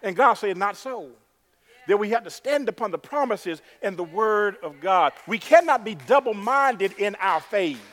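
A male pastor preaching a sermon, emphatic and repetitive, building to loud exclamations. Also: high voice, lively intonation, moderate pace, few pauses.

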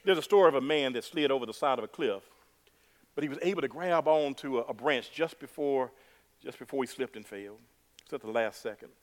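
A male pastor preaching a sermon, emphatic and repetitive, building to loud exclamations. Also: mid-range voice, brisk.

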